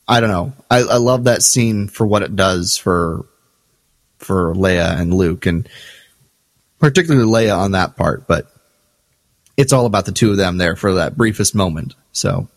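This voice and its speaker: A man reflects on a scene in a casual podcast chat, speaking in a measured, halting way. His voice sits a little low, and the sound is dry with no room echo. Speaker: podcast co-host.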